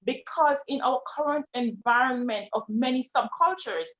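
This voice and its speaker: A woman with a fairly high voice makes her case as a panelist, earnest and emphatic. She is heard over a video call, so the sound is dull and lo-fi. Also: normal speed, fairly bright tone. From Montserrat. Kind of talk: panel discussion.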